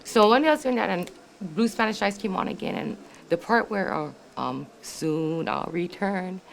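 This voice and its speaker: An older woman, sharing an emotional family memory in a heartfelt, halting way, repeating herself and saying "you know" often. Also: mid-range voice, sing-song, gravelly. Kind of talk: emotional personal storytelling.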